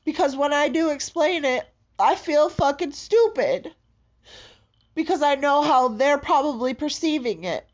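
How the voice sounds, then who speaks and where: A woman in a raw confessional monologue, distraught and halting, swearing heavily and breaking into shaky laughter. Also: high-pitched, lively intonation. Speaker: vlogger. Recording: dull lo-fi audio.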